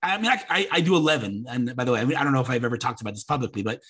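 A man's voice: mid-range voice, lively intonation, very fast, fairly bright tone, husky. A man hosting a podcast over a video call, talking in a casual, emphatic way and slipping into mocking voices when he quotes people. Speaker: podcast host. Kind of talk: casual conversational interview.

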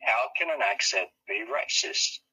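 A man's voice: lowish voice, lively intonation, a little slow, sharp tone, slightly rough, poor audio. A man from Australia, a guest on a casual podcast chat, speaking bluntly and with disbelief, with some swearing.

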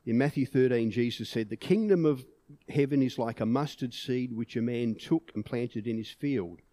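Earnest male preacher, mellow tone. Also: mid-range voice, moderate pace, no room sound. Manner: earnest, rising to emphatic peaks on key words. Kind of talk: sermon.

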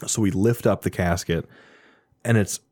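A man with a low voice tells a rowdy story in casual conversation. He swears freely, keeps breaking into laughter and stays animated throughout. The sound is dry and close. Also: moderate pace, no echo. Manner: animated, laughing often, profane. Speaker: storyteller guest.

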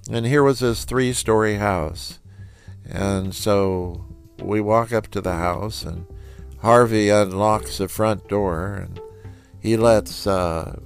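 A man telling a personal story in a relaxed, conversational way, acting out the dialogue. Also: on the low side, smooth.

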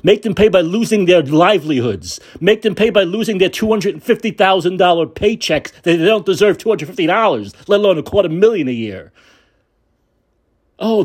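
A man's voice: high voice, a little mellow, slightly rough. A man hosting a podcast, giving an angry, sarcastic and profane political rant. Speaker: podcast host.

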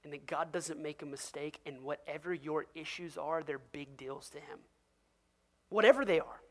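Pastor, sermon, animated, conversational, middle pitch, direct questions to the listeners. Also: normal speed. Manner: animated conversational preaching, acts out quoted voices; asks the audience direct questions.

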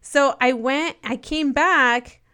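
A woman's voice: high voice, slow. A young woman co-hosting a podcast, telling a funny personal story in a casual chat and acting out the people she quotes. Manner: animated storyteller, laughs often, acts out the people she quotes. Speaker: podcast co-host.

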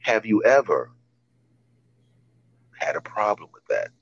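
A man's voice: lowish voice, sing-song, takes it slowly, slightly rough, no echo, highs cut off. A man in his fifties, telling stories in a rambling way with lots of restarts on a casual podcast. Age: 50s. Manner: rambling storyteller with many restarts. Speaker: podcast host.

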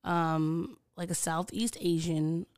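A woman's voice: fairly low pitch, steady tone, slow, a little mellow, dry recording, clean studio sound. A woman co-hosting a casual podcast, chatting with many fillers and restarts. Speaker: podcast co-host. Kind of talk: casual conversation.

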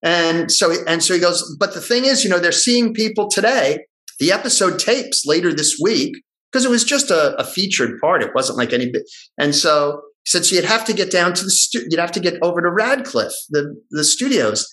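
A middle-aged man in casual conversation, telling a story in an animated way and acting out the voices of the people in it. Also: a little high, normal speed, rough recording. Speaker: guest actor telling a story.

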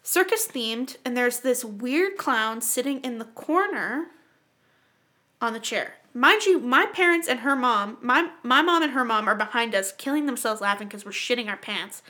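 Podcast co-host, young woman from Canada, high and bright voice, swears freely, acts out every voice in her stories. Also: normal speed. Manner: animated, profane, acts out voices. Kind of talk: casual storytelling chat.

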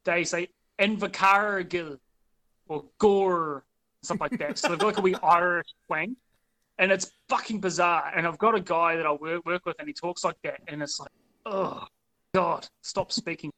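A man's voice: a little high, steady tone, brisk, sharp tone. A young man with a New Zealand accent in a loose, profane casual chat, often repeating words as he restarts.

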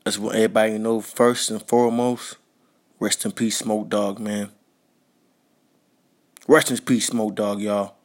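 A man's voice: on the low side, flat delivery, unhurried, long pauses. A man hosting a podcast, giving a casual spoken tribute in a slangy, repetitive way and talking straight to his listeners. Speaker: podcast host.

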